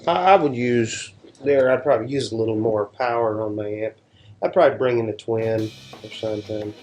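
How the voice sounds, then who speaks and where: This session guitarist, appearing as an interview guest, has a fairly low, slightly mellow voice and talks at a moderate pace. His casual storytelling wanders, and he often backs up to restart sentences.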